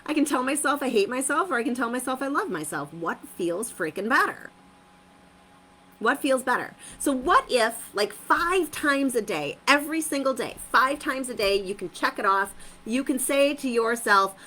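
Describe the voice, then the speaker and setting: Bright, lively motivational woman. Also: on the high side, poor audio. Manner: upbeat, emphatic, repeats phrases, laughs often. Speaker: motivational host of a live stream. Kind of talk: live-streamed motivational talk.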